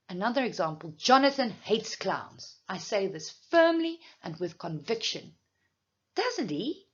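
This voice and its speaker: A woman teaching a grammar lesson, speaking slowly and deliberately, with clear emphasis. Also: medium pitch, lo-fi sound.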